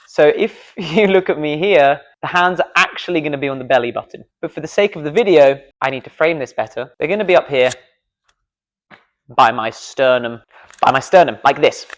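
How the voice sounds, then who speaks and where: A man coaching public speaking in a casual video lesson, playful and self-deprecating, demonstrating gestures as he talks in a studio. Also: a little high.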